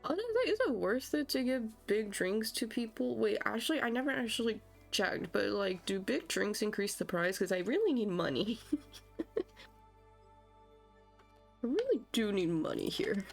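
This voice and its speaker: A woman's voice: on the high side, sing-song, moderate pace, vocal fry, soft background music. A woman streamer giving chatty, frazzled commentary while playing a game. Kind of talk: casual gameplay commentary.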